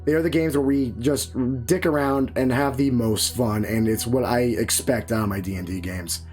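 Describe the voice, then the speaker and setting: A man's voice: mid-range voice, moderate pace, darkish tone, soft background music. A man signing off a tabletop game stream, loose and rambling, his throat tired and strained. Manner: loose, rambling, swears casually. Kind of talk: casual stream sign-off.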